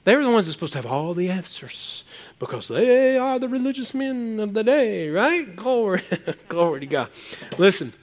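This man's sermon is lively and meandering, full of repeated words, with loud outbursts giving way to soft asides. He's a pastor whose voice sits high, speaking at a normal speed.

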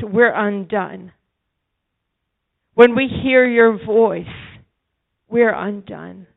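A woman's voice: medium pitch, creaky. A woman preaching a sermon in an impassioned, pleading way. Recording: phone-like narrow sound.

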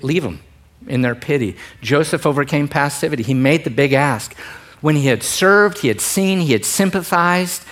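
Animated joking preacher man. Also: medium pitch. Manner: animated, joking, swings between quiet emphasis and loud bursts. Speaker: pastor. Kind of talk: sermon.

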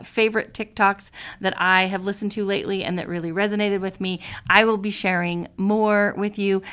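A woman's voice: mid-range voice, fairly bright tone. A woman hosting a podcast, chatting in an upbeat, encouraging way and giggling now and then. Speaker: podcast host. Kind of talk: casual motivational podcast chat.

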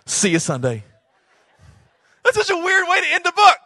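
Very high, bright-voiced preacher. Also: male voice, wildly swooping pitch, moderate pace, long pauses. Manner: conversational, humorous, then impassioned. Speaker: pastor. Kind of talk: sermon.

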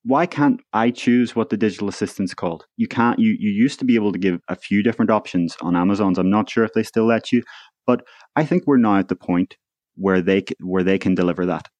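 Low-voiced man, opinionated co-host. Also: a little fast, darkish tone, dry recording. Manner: opinionated, explaining, questioning. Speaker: co-host of a VR news livestream. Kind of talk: casual livestream chat.

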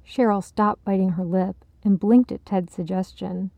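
A woman narrating a short story in a measured, even way. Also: mid-range voice, creaky, dry recording. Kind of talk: audiobook narration.

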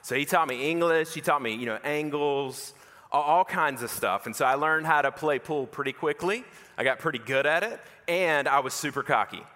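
A man delivers a sermon as a lively, self-mocking storyteller. His voice sits a bit high and rings bright and forceful. The long reverb of a big hall trails behind every phrase. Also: moderate pace. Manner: animated, self-mocking storyteller who acts out dialogue. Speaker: pastor.

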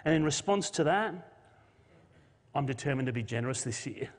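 A man's voice: mid-range voice, expressive, a little fast. Pastor, male, earnest emotional sermon delivery in a reverberant hall. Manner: earnest, emotional, with restarts and shifting emphasis. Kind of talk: Christmas sermon with a read story.

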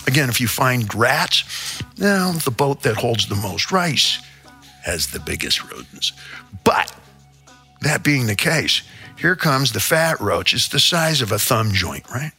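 Bright-voiced older man ranting comically. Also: medium pitch, big pitch swings, slow, breathy edge, soft background music. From American Midwest. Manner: theatrical, rambling storyteller with sudden asides. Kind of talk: comedic rant monologue.

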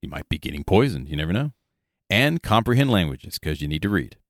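A man co-hosting a casual tabletop gaming podcast, rambling and joking with quick asides. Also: low-pitched, very animated, gravelly, no room sound, clean studio sound. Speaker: podcast co-host.

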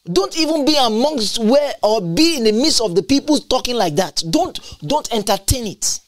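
A preacher delivering a sermon, emphatic and repetitive, with big leaps up and down in pitch and bursts of tongues. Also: lively intonation, moderate pace, no room sound, clean studio sound.

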